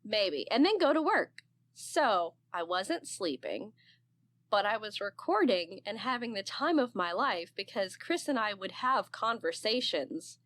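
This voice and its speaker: A woman in her thirties, an aspiring narrator, chatting on a podcast in an expressive, freely swearing way. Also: mid-range voice, unhurried. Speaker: guest, aspiring narrator and voice actor. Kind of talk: casual podcast chat.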